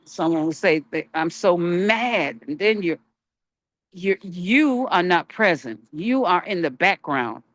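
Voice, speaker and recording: Host, slow-paced, dry close sound, halting, searching unscripted spiritual talk. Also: medium pitch, expressive, a bit bright, no room sound. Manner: halting, searching for words, rhetorical questions. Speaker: broadcast host.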